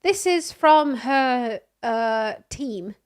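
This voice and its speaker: Slow-talking, high-voiced woman streamer. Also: lively intonation, clean tone. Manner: sarcastic, laughing, reads quotes mockingly. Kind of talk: casual commentary reading news aloud.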